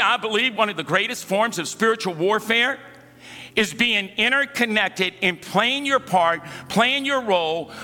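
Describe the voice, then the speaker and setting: High, bright-voiced preacher man in a hall. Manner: calls for congregation responses, storytelling, humorous asides. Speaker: pastor. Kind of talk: sermon. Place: church sanctuary. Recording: hall reverb with faint music.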